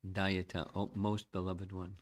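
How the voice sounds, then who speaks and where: Man giving a measured devotional talk. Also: deep voice, little pitch movement. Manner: measured, reflective, chants verses slowly. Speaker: spiritual teacher. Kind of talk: devotional lecture.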